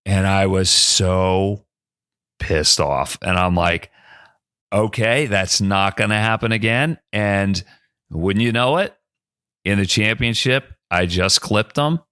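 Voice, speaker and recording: A man in his fifties from the Philadelphia area spins a lively yarn as a podcast guest, jumping his voice up to play the people he quotes. His tone is bright and forward. The sound is close and dry. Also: slow pace, clean tone, no echo. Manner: animated storyteller who acts out quoted lines with big pitch jumps. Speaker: guest, former college golfer and broadcaster. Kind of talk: casual storytelling in a podcast interview.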